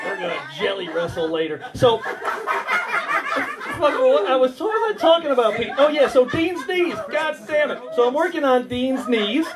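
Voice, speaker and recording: A man's voice: extremely high pitch, sing-song, normal speed, crowd noise, background noise. An American man doing a stand-up comedy set in a warehouse, telling crude, rambling stories and teasing the audience. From United States. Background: audience laughter.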